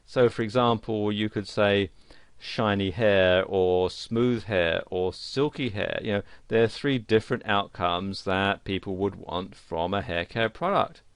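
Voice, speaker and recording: Gravelly low-voiced man teaching. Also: measured pace, no room sound. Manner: plain explanatory delivery with fillers. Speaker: course instructor. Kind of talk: screen-recorded tutorial narration.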